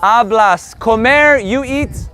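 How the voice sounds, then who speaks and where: Super high voiced guy teaching a group lesson, loud jokes and cussing, lots of energy. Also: takes it slowly, clear, resonant tone. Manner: energetic, joking, profane. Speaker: Spanish teacher. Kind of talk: live group language lesson.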